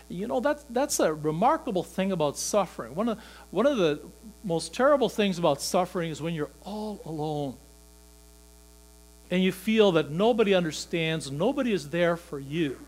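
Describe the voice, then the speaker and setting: A man delivers a sermon to his congregation in a slightly high voice. He sinks into quiet, low stretches and then climbs to loud, emphatic peaks. A faint electrical hum sits under the recording. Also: lively intonation, normal speed. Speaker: pastor.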